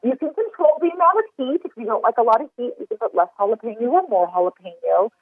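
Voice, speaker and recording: An enthusiastic woman chef explains cooking tips in long run-on stretches. Her slightly high voice comes through a thin, tinny phone line with no room sound at all. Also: expressive, fast, slightly rough, no echo. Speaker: chef and recipe developer. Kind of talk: casual podcast interview.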